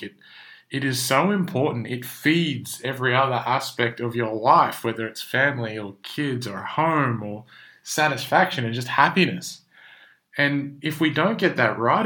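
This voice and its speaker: A man's voice: medium pitch, pushed and bright. A young man hosting a podcast, talking bluntly and emphatically while his voice is strained from overuse. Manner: blunt, emphatic, swears when making a point. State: losing his voice. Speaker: podcast host. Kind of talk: casual solo podcast monologue.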